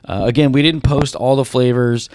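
A man's voice: medium pitch, moderate pace, darkish tone, no echo. A man hosting a casual podcast chat, reading out poll results and teasing his co-hosts. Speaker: podcast host.

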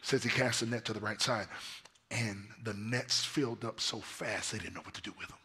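A man preaching a lively sermon in a hoarse voice, swinging from shouts down to near-whispers and telling stories in casual slang. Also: fairly low pitch, normal speed. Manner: casual slang-laced storytelling. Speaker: pastor.

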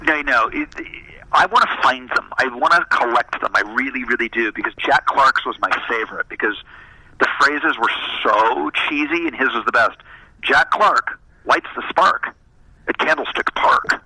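A man chatting casually, telling stories in an animated, self-deprecating way. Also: medium pitch, moderate pace, breathy edge, no room sound, rough recording. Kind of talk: casual chat.

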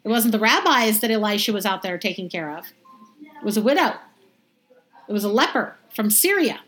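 A woman reading scripture aloud and then explaining it in a lively, conversational way, as a Bible study teacher. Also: mid-range voice, a little fast. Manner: lively, conversational, acts out the crowd's reactions.

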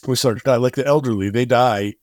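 Brief: middle-aged male guest, mid-pitched, vivid storyteller voicing the people in his story, dry close sound. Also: quick pace, no echo. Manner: animated storyteller who acts out dialogue. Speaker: charity co-founder and guest; singer-songwriter. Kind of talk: storytelling in a podcast interview.

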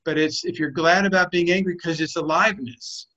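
A man with a slightly high voice coaches a group over a call in a direct, blunt manner. The audio is dull and lo-fi, and he drives his points home with emphasis. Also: steady tone, brisk, sharp tone. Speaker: group facilitator.

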